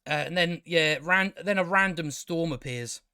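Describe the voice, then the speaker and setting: Man, high-pitched, dry close sound; rambling casual reviewer, incredulous and exasperated. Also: moderate pace, pushed and bright, clear, resonant tone, no room sound. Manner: exasperated, incredulous, full of fillers and restarts. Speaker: TV show reviewer.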